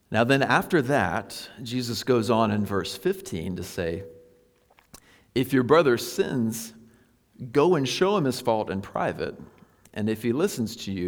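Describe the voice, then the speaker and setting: A man preaching a sermon, patient and explanatory, asking his listeners rhetorical questions. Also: fairly low pitch. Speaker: pastor. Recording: long hall reverb.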